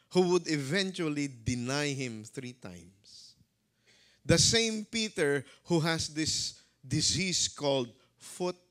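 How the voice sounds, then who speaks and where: A man preaching a sermon at an unhurried pace, his voice sitting a little high. He moves his pitch around with a lot of life. He swings from loud calls to hushed, quiet words. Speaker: pastor.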